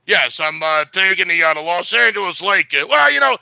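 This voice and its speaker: A man's voice: high-pitched, expressive, a little fast, gravelly, bright, forceful tone, no room sound. A man giving a sports betting pick in a blunt, boastful way, full of filler uhs.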